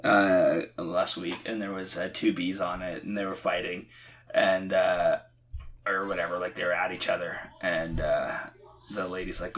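A man co-hosting a comedy podcast in casual chat, answering with frequent yeahs and telling animated stories. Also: low-pitched, moderate pace, a little hiss or hum. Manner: frequent yeah backchannels, animated storytelling. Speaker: podcast co-host.

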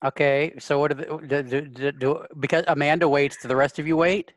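A man narrates a tabletop game as its game master, his voice sitting a little high. He talks casually, stumbling over restarts and cursing freely. The sound is dry and close. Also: fairly even intonation, brisk, dry recording.

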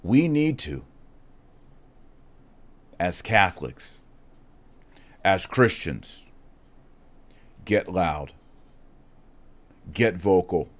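A middle-aged man with a deep, low voice gives an impassioned talk as a Catholic speaker. He is earnest and emphatic, pressing his points loudly before dropping to a hushed, reflective tone as he tells his story. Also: sing-song, extremely slow, long pauses.

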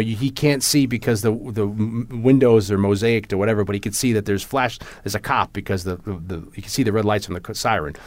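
A man in casual chat, excitedly retelling movie scenes and acting out the lines, laughing often and restarting his sentences. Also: medium pitch, dry recording.

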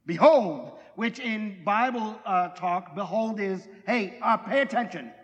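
A man's voice: high voice, unhurried. A middle-aged man preaching a sermon in a conversational, joking way, putting questions to his congregation. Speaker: pastor. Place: church hall. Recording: long hall reverb.

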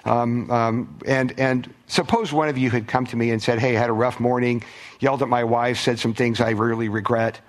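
A man's voice: mid-range voice, steady tone, moderate pace. A man preaching a sermon as pastor, conversational, with restarts and acted-out quotes. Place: church.

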